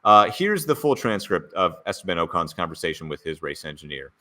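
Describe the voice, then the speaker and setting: A man hosts a podcast in loose, joking chat, his fairly low voice bright and forceful and swinging widely in pitch. He teases as he goes, reading out quotes with playful relish. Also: very animated, brisk, hardly any pauses. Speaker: podcast co-host. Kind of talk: casual chat, reading out race radio quotes.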